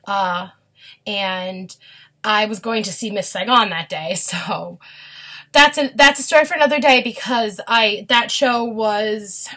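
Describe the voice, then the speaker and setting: A young woman chatting casually in a vlog, gushing and quick to get emotional. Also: medium pitch, bright, forceful tone. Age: young adult. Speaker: vlogger. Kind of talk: casual chat.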